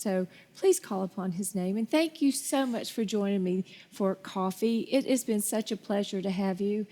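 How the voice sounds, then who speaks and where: A woman's voice: mid-range voice, moderate pace, few pauses, dark tone. A woman hosting a Christian talk show, speaking with effusive, faith-filled encouragement.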